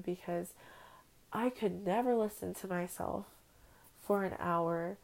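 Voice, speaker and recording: A woman's voice: lowish voice, takes it slowly, gravelly, pauses often, a little mellow, poor audio. A young woman hosting her own podcast, recording at home on her phone and talking in a heartfelt, rambling, emotional personal monologue. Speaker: podcast host. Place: at home on a bed.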